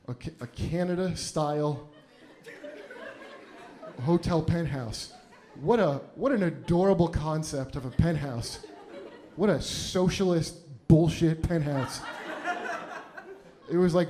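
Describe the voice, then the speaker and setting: A male comedian spins a long, profane personal anecdote in a loose, rambling way, laughing often as he talks. His voice sits a little high for a man, yet the tone stays dark and mellow. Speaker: comedian and podcast host. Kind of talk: casual storytelling anecdote.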